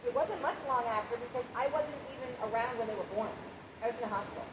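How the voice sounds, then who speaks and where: A woman's voice: fairly high pitch, fast. A woman casually chiming in to finish her husband's sentences. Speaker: wife adding to the story. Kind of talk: casual chat. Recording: echoey room, voice off-mic, background hiss.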